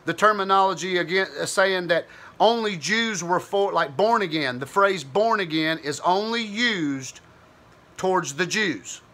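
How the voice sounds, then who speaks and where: A man's voice: high voice, measured pace, sharp tone. A man giving an informal Bible teaching, thinking aloud in a conversational, searching way with frequent restarts.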